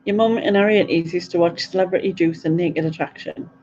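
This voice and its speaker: A woman's voice: on the low side, fairly even intonation, brisk, dark tone, muffled recording, a little hiss or hum. A middle-aged woman, chatting and giggling through a casual live question-and-answer stream.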